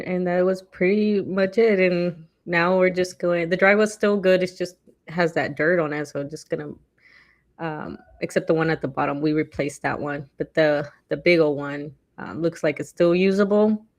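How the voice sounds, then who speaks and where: Chatty woman, low voice, lots of fillers. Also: steady tone, measured pace. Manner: chatty, lots of fillers, acts out quotes animatedly. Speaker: podcast co-host. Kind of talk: casual chat.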